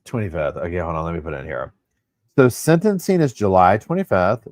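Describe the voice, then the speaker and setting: A man's voice: low voice, a little fast, dry recording. Chatty man on a livestream. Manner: chatty, animated, talks to viewers as y'all. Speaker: livestream host. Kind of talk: casual live chat with viewers.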